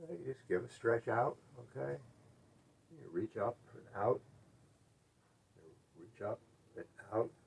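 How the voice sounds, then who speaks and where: A middle-aged man leading a gentle chair yoga class, calmly cueing stretches and breaths and often trailing off into quiet murmured "all right"s. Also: slow, creaky, pauses often, breathy edge. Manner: often drops to a soft, low murmur. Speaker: yoga instructor.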